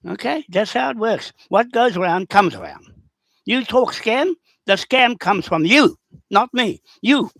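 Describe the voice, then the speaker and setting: A man, talking rough and combative on a livestream, rambling and repeating himself as he answers comments. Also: high voice, sing-song, a little slow, a bit bright, no room sound.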